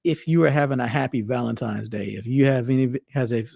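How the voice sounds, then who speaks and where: A man's voice: mid-range voice, a little fast, creaky, a little mellow, dry recording, clean studio sound. A man hosting a show, talking in a loose, rambling way with frequent restarts. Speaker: host. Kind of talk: casual monologue.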